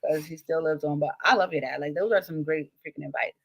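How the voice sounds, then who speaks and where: A woman's voice: sits low, quick pace, breathy edge. A woman hosting a book club chat, talking expressively and with enthusiasm. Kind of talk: casual chat.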